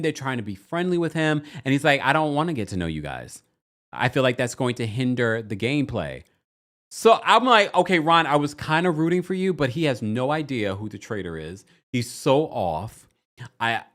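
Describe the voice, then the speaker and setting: A man hosting a podcast, recapping reality shows in a casual, gossipy chat, acting out what people said with big swings in his voice. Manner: animated, gossipy, acts out quotes with big pitch swings. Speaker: podcast host.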